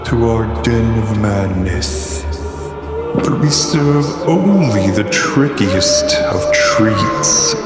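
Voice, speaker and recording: A man voicing a sinister horror-show host, drawn out slowly under heavy reverb. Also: medium pitch, wildly swooping pitch, full character voice. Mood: ominous. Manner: slow, drawn-out spooky delivery. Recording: echoey hall reverb over loud music.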